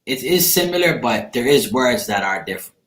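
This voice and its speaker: On a live stream, a tarot card reader chats casually with viewers after a long, tiring day, blunt, joking and swearing freely. His medium-pitched voice is expressive, fairly bright and a little fast, with roomy echo on the recording.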